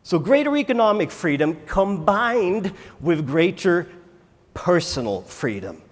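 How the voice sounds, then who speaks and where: A man, a native Swedish speaker, giving a conference keynote and firing rhetorical questions at the audience with dramatic pauses. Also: sits high, sing-song. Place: large conference hall. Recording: echoey conference hall.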